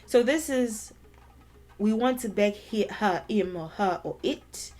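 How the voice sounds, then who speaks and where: A woman's voice: medium pitch, slow, a little mellow. A woman with a mid-range voice teaches a language lesson. She talks patiently, repeats her key points, and models each word aloud as she goes. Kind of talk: explaining and demonstrating pronunciation.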